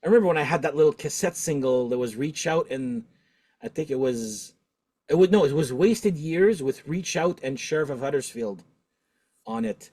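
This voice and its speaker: Chatty middle-aged man, higher voice. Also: normal speed. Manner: talkative, animated, laughs often. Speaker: podcast host. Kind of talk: casual chat.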